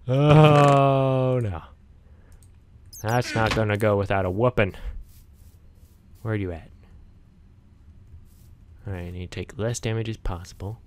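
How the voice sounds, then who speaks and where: Guy with a lowish voice chatting thru his game, yelps and laughs when stuff jumps him. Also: slow pace, long pauses, darkish tone. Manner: talks directly to viewers. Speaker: gaming channel host. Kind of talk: casual gameplay commentary.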